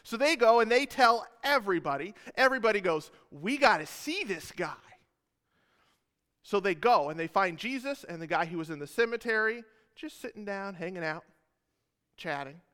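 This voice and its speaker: Bright-voiced pastor in reverberant hall. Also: male voice, high-pitched, lively intonation, brisk, smooth. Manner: casual, joking asides to the congregation. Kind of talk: sermon with scripture retelling.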